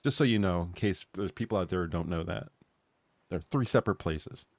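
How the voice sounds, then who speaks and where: A man's voice: deep voice, expressive, brisk, no room sound, clean studio sound. A man co-hosting a podcast in loose, rambling chat, cracking jokes and laughing at his own asides. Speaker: podcast co-host. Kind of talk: casual chat.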